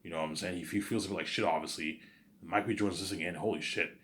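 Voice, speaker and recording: A man's voice: low-pitched, steady tone, rapid-fire, a bit bright. A man vlogging, telling a story in a casual, rambling, profane way and often stumbling over his words. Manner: rambling, profane, keeps saying "you know what I'm saying"; stumbling restarts.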